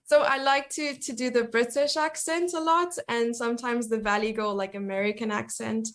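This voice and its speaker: A woman's voice: a little high, steady tone. Upbeat woman, chatty guest. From South Africa. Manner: chatty, upbeat, quick to laugh. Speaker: guest, chess coach and streamer. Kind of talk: casual interview chat.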